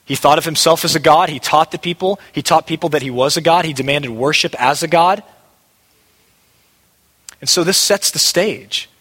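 A man's voice: fairly high pitch, moderate pace, fairly bright tone. A male pastor preaching a sermon, emphatic and repeating key phrases for weight. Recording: long hall reverb.

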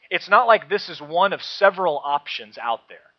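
A man preaching a sermon to a congregation, emphatic and rising, then dropping into soft low asides. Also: animated, a little fast. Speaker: pastor. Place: church. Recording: dull lo-fi sound.

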